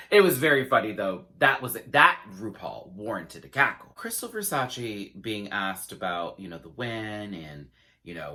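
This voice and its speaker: A man giving a casual, sassy review of a show, acting out quotes in dramatic voices and laughing often. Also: normal speed. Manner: sassy, animated, acts out quotes with big pitch jumps.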